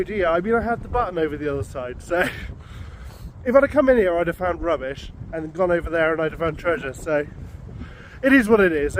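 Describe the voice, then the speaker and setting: A man's voice: high-pitched, a little hiss or hum. A man chatting upbeat to viewers while he works outdoors in a field. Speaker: metal detecting vlogger. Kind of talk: casual outdoor vlog commentary.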